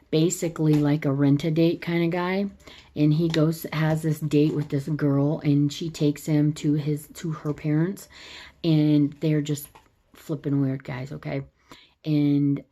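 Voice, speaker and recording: A woman with a low, warm voice talks loosely through a film's plot. She rambles, restarts her sentences and often breaks into a laugh as she retells the scenes. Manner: rambling, with frequent restarts and self-corrections; chatty, laughs while retelling. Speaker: movie reviewer. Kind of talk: casual spoken movie recap.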